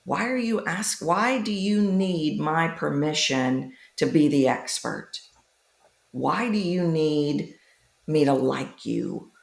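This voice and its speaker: A woman voice coach speaking emphatically in a podcast conversation, with big swoops in pitch on key words. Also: animated, slow, gravelly, reverberant. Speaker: voice coach guest.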